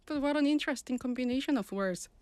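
A woman's voice: high-pitched, fast, dry recording. A woman from Busan with a Busan Korean dialect and a Korean first language, a giggly guest previewing local news in casual English chat. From Busan, South Korea. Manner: giggly, bubbly, laughs often. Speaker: city media division guest reporter. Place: radio studio.

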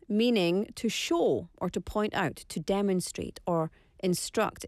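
A woman's voice: fairly high pitch, no echo. A Scottish woman hosting a radio show in a studio, chatting playfully and teasing herself as she goes. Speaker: radio host. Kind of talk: casual radio chat.

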